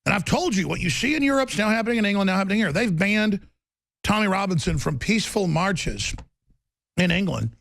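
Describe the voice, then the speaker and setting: A male talk show host delivering a loud, rambling monologue with a gravelly voice, bursting into shouting. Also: high voice, animated, a little fast, dry recording. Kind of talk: ranting monologue.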